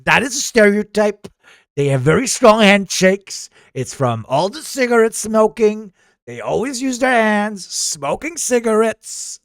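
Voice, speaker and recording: A man live-streams his reactions to news footage, crude and mocking. His voice sits high and swings widely, with a rough, gravelly texture. The sound is dry and close. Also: big pitch swings, measured pace, fairly bright tone, no echo. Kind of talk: casual live-stream commentary.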